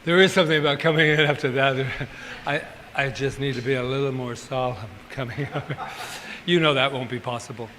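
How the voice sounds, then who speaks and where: A male pastor preaches an informal sermon in a church sanctuary, chatty and candid with humorous asides. His mid-range voice is steady, sharp, and fairly quick, with hall reverb and faint ambient noise.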